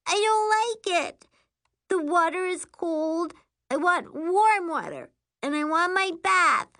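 A woman's voice: animated, slow, sharp tone, no room sound, clean studio sound, exaggerated voice. Whiny six-year-old girl. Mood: whining. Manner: high, babyish and pleading.

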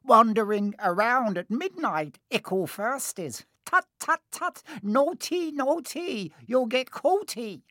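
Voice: mid-range voice, animated, slow, hardly any pauses, sharp tone, no echo, studio quality, voice pushed up. A narrator voicing a mischievous male poltergeist who taunts in a mocking sing-song, in an audiobook reading. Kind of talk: audiobook character voice.

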